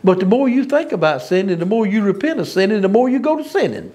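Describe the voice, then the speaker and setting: Preacher guy, kinda high voice, folksy and punchy, chuckles a lot. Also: very animated, quick pace, warm tone. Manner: folksy, emphatic, laughs at his own lines. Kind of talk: informal sermon.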